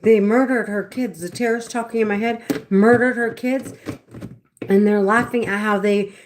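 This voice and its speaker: A woman speaking in an agitated, repetitive monologue, swinging between fast bursts and low mutters. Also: fairly even intonation, slight background noise. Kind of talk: casual monologue to camera.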